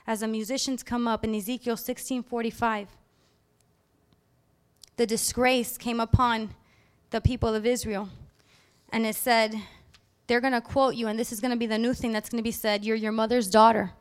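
Animated woman preacher, slightly high voice. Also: normal speed, clean tone. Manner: animated, acts out scenes with sudden loud outbursts. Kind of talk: sermon.

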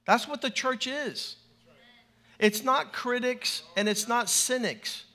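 A man preaching a lively sermon in a church to a large congregation, animated and playful, leading call-and-response. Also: extremely high pitch, takes it slowly.

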